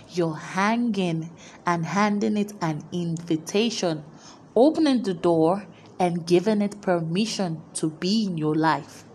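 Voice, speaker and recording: A woman delivers a motivational sermon at a slow, deliberate pace, leaning hard on repeated declarations. Her delivery is emphatic, with dramatic pauses between lines. A faint hum of background noise sits under her voice. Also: fairly low pitch, darkish tone. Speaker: preacher.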